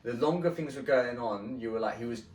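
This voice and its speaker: A man telling a story in casual podcast chat, halting and swearing, with many restarts. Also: medium pitch, a little mellow. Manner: halting and profane, with frequent restarts. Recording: roomy sound from a distant mic.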